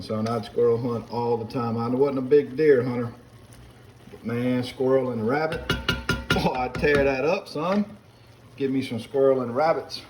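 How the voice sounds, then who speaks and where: A man's voice: mid-range voice, a little mellow, a little hiss or hum, poor audio. Folksy man cooking. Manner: rambling, folksy, calls viewers y'all and son. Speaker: home cook. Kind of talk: casual cooking vlog chat. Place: kitchen, cooking at the stove.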